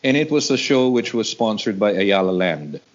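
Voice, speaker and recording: A man from the Philippines in his sixties, telling stories in a casual interview, who acts out the other people in a higher voice. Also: normal speed. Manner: animated, acts out quoted voices in a higher pitch. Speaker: guest rock vocalist. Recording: dull lo-fi audio.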